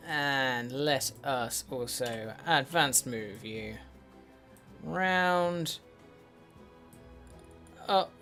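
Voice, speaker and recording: A man's voice: mid-range voice, very slow, long pauses, bright, forceful tone. A man giving casual game commentary as a let's play host, muttering to himself with wry, sweary asides. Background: faint in-game music.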